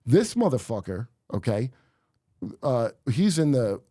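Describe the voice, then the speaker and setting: A man's voice: mid-range voice, very animated, measured pace, warm tone, dry recording, studio quality. A man who is a comedian guest on a podcast, telling rambling, conspiratorial stories in casual chat.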